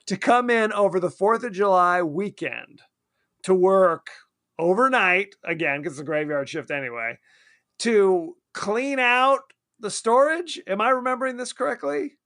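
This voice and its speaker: A man co-hosting a casual podcast about a horror film, animated and quick to act out characters in silly voices. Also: sits high, no room sound, clean studio sound. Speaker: podcast co-host.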